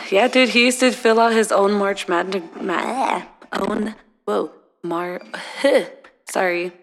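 A woman's voice: mid-range voice, slow pace. Giggly young woman chatting on a podcast. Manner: giggly, lots of "like" and "dude", laughs often. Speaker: podcast co-host. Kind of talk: casual chat. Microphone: podcast mic on a desk.

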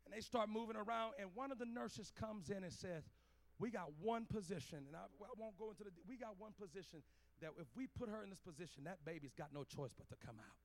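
A man's voice: high-pitched, brisk. A man preaching a sermon in a Pentecostal church, telling a story and building to chanted cadences. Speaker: pastor.

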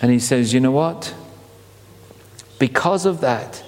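A man preaching a sermon as a pastor, animated, asking rhetorical questions and repeating words as he goes. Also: mid-range voice, takes it slowly, long reverb tail.

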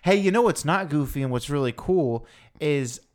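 A man co-hosting a casual chat podcast, jokey and quick to laugh. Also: a little high. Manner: animated, laughs often, jokey. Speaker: podcast co-host.

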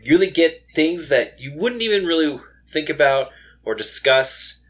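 A man's voice: a little high, expressive, a little slow. A young man co-hosting a casual late-night podcast, rambling with lots of fillers and restarts, a little tired. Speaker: podcast co-host.

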